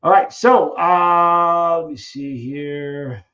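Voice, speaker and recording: A man hosting a casual live Q&A stream, reading viewer questions and answering them in an animated way, acting out little scenes with frequent restarts. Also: a little high, highs cut off. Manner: animated storyteller who acts out scenes, halting restarts.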